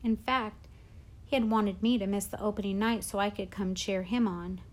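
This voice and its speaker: A woman reading a first-person novel aloud with measured, expressive storytelling. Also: mid-range voice. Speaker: audiobook narrator.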